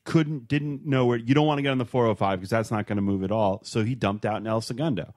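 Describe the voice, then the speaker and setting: A man co-hosting a podcast, telling a story in casual chat, rambling with halting restarts. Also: medium pitch, a little mellow, dry recording, clean studio sound. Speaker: podcast co-host.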